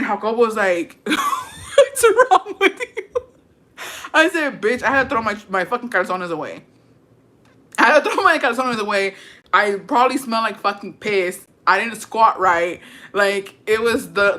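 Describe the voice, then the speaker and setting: Speaking in a mid-range voice with a sharp tone, a woman content creator reads viewer stories in a casual, crude way. She swears without restraint, laughs often, and drops Spanish words into her English.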